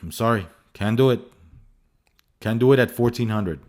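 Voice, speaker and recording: A man's voice: mid-range voice, moderate pace, close to an everyday voice. A man voicing a pushy male buyer with a put-on foreign accent who keeps saying "my friend" while haggling. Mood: stubborn.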